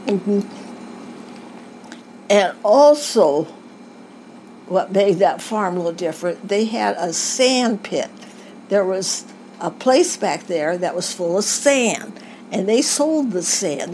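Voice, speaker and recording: A woman's voice: lowish voice, darkish tone, slight background noise, low-quality recording. An older woman recalling her family's past in a rambling way, with frequent stops and restarts. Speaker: interviewee. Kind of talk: family oral history recollection.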